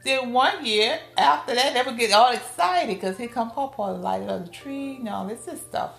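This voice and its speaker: Middle-aged new orleans lady telling family stories, animated, echoey room, a little music in the back. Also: moderate pace, gravelly. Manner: lively storyteller, acts out family quotes with big pitch jumps. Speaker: podcast guest. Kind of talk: casual storytelling interview. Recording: roomy room with faint music behind.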